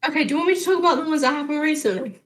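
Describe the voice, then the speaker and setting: A woman's voice: high-pitched, rapid-fire. A teenage girl telling a school story on a casual podcast, acting out the dialogue and laughing as she goes. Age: teens. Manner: animated, acts out the dialogue, laughs through the story. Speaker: podcast co-host.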